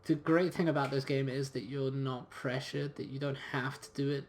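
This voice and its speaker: A man's voice: mid-range voice, steady tone, normal speed, slight background noise. A man giving casual, chatty let's-play commentary and reading game text aloud. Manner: casual and chatty, with fillers and restarts. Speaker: game streamer.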